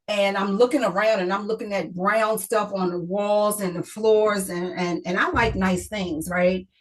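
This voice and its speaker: In a low-quality recording, a middle-aged woman with a mid-range voice speaks as a guest author in an interview. She tells an emotional personal story, often repeating herself and quoting other people.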